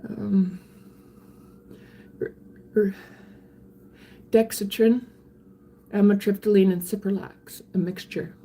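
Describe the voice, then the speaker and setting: An older woman, chatting candidly on a live stream and answering viewer comments in a halting way, often restarting her sentences. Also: medium pitch, fairly even intonation, warm tone, slight background noise. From Canada. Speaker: livestreamer reading viewer comments. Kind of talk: casual live-stream chat.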